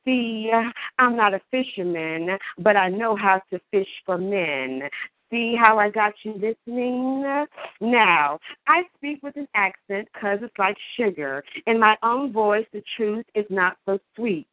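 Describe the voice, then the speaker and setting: A woman caller performing emphatic, playful spoken word on a call-in show, with deliberate delivery and wordplay. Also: medium pitch, expressive, no room sound. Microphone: phone. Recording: tinny phone line.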